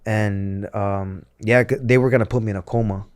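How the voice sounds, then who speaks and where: A man's voice: fairly low pitch, steady tone, moderate pace, darkish tone, smooth, no echo, clean studio sound. A man in his thirties, a former wrestler and interview guest, telling his story candidly with many fillers, restarts and acted-out quotes.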